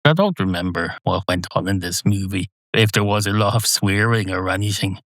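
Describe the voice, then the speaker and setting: Male podcast host, slightly low voice, dry close sound, wandering wry monologue. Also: normal speed, fairly bright tone, dry recording. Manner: wry, digressive, self-mocking. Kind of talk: solo rambling monologue.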